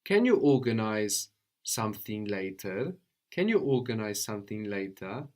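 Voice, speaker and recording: A man teaching a language lesson, patient and probing, often checking with a quick "no?". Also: fairly low pitch, big pitch swings, a little mellow. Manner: patient, prompts with questions, tag "no?".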